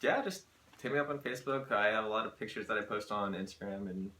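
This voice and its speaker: A man's voice: on the low side, fast talker, pushed and bright. A man being interviewed as a guest in a casual chat, laid-back and a little hesitant. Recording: echoey room with faint noise.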